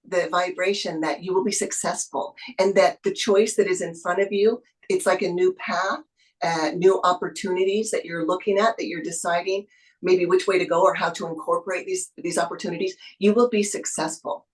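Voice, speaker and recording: A woman with a lowish voice gives a tarot reading over a video call. She speaks in a soothing, encouraging way, full of spiritual phrasing. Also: steady tone, normal speed, low-quality recording. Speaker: tarot reader.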